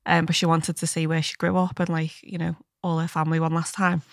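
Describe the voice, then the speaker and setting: A woman's voice: low voice, flat delivery, a little fast, gravelly, no room sound, clean studio sound. A woman co-hosting a podcast, chatting casually and laughing often. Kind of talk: casual chat.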